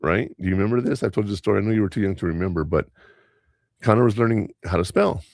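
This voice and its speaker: A middle-aged man hosting a podcast, telling family stories in a rambling, animated way. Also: lowish voice, quick pace, creaky, dry recording, clean studio sound. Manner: rambling, animated storyteller who mimics voices. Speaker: podcast host. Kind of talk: casual storytelling chat.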